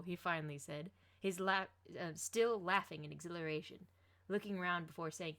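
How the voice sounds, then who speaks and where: A woman reading a fan fiction story aloud, expressive as she voices each character. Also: on the low side, fairly quick.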